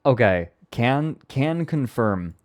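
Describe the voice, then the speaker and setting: A man's voice: medium pitch, expressive, slow, darkish tone, soft background music. A man streaming, giving laid-back, joking commentary in a casual reaction stream.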